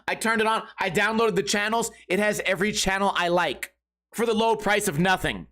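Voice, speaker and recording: A man hosting a comedy podcast, telling a profane story in a rant that bursts into shouting. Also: high voice, brisk. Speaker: podcast host.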